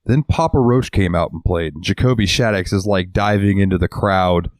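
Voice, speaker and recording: A man with a very low voice tells long rambling stories as a podcast co-host, cursing casually as he goes. The sound is dry and close, with no room around him. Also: moderate pace, no room sound. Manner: swears a lot and rambles through stories. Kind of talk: casual chat.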